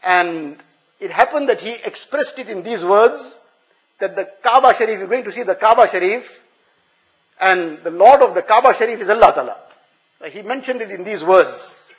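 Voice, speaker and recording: A man's voice: sits high, expressive, normal speed, muffled recording. A male preacher giving an earnest, explanatory sermon, repeating phrases for emphasis.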